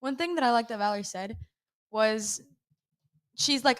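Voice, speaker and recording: A young woman talks fast and lively as a chat guest, acting out the things she and others say. Her voice sits fairly high. The sound is dry and close. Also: smooth, no echo. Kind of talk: casual conversation.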